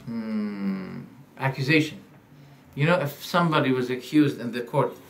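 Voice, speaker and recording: A man giving a religious lecture, animated, firing rhetorical questions and acting out quoted dialogues. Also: mid-range voice, a little slow, creaky, slight background noise. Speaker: Islamic preacher.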